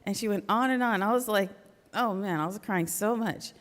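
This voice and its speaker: A middle-aged woman speaks earnestly and conversationally, sharing a personal faith talk at a church memorial service. Her voice sits at an ordinary pitch for a woman. It carries a long reverberant tail from the hall. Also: moderate pace. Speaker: church member giving a talk.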